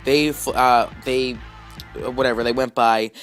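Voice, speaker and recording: A man's voice: mid-range voice, steady tone, unhurried, a bit bright, faint music behind. A man vlogging, telling a story casually with lots of fillers, restarts and "like"s. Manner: rambling, heavy with fillers and restarts.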